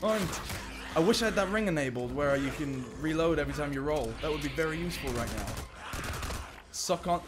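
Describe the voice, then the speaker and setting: A gaming YouTuber provides let's play commentary, excitable and jokey, talking to the characters on screen. The young man's voice is on the high side and a little fast, with background noise present.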